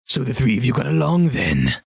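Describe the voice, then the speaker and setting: A man's voice: mid-range voice, huge pitch swings, fairly quick, vocal fry, husky, no echo, full character voice. A man voicing a tall, smirking male ogre trader who talks in a dry, mocking way.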